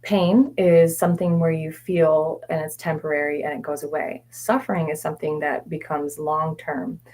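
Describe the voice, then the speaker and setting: A woman coaching viewers in a live question-and-answer session, candid and meandering, with fillers and self-corrections, sometimes dropping to soft whispered repetitions. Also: low-pitched, little pitch movement, normal speed. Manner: soft-spoken, drops to quiet whispered repetitions. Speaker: mindset coach.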